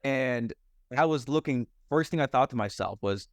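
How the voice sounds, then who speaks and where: A man's voice: mid-range voice, moderate pace, no room sound. A young American man, a mindset and fitness coach, candidly telling his life story in a podcast conversation, rambling with lots of "like" and "you know". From United States.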